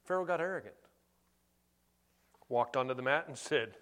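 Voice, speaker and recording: Middle-aged male pastor, storytelling sermon delivery, voice sits a bit high. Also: moderate pace, long pauses. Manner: storytelling, animated and conversational.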